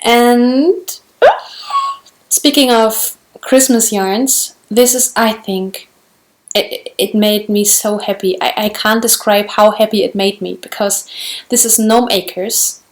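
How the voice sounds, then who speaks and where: A woman's voice: on the high side, animated, slow pace. A German woman with a German accent, chatting casually in English on her knitting vlog, gushing over yarn and restarting often. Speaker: knitting vlogger. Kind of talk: casual show-and-tell.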